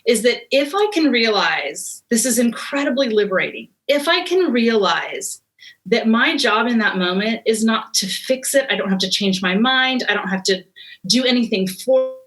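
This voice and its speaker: A woman's voice: a little high, lively intonation, moderate pace, fairly bright tone, poor audio. A woman in her forties, a parenting expert guest in an interview, speaking earnestly and reflectively about raising children. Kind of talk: conversational interview.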